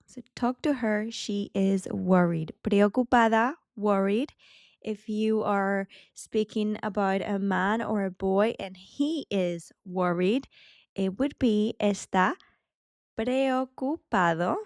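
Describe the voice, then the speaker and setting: A woman teaching beginner Spanish, saying each phrase slowly and carefully and repeating it as a drill. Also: mid-range voice, dry recording, studio quality. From Spain. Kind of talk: beginner language lesson.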